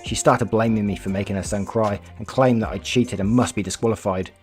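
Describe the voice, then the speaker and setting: A man's voice: fairly low pitch, fairly even intonation, a little fast, faint music behind. A man hosting a channel, reading viewer stories aloud in a casual, chatty way, laughing often and swearing freely. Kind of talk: casual read-aloud storytelling with commentary.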